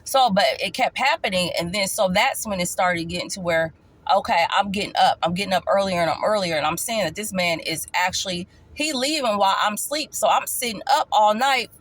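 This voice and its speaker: A woman vlogger telling her own story in a casual storytime, emphatic, animated and repeating key points. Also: medium pitch, a little fast.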